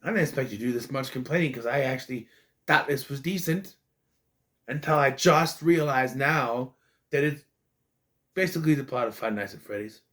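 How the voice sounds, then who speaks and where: A man's voice: mid-range voice, normal speed, fairly bright tone. A man giving a casual spoken movie review, ranting in an exasperated way, swearing and rambling with restarts and stammers.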